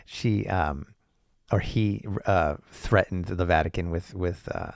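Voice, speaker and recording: Gravelly low-voiced man rambling sarcastically. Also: takes it slowly, no room sound. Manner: profane, sarcastic asides, frequent restarts and laughs. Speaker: podcast host. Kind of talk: rambling solo podcast monologue.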